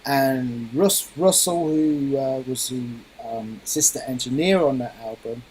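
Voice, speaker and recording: A man's voice: mid-range voice, a little slow, a little mellow, slight background noise, poor audio. A middle-aged man, a guest musician, explaining his craft thoughtfully in a radio interview.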